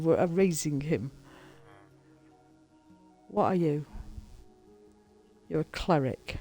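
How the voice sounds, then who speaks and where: A woman's voice: on the low side, slow pace, long pauses, dark tone, faint music behind. A woman chatting casually to her viewers as she plays a building game and talks to the characters. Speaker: gaming streamer. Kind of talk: casual gameplay commentary.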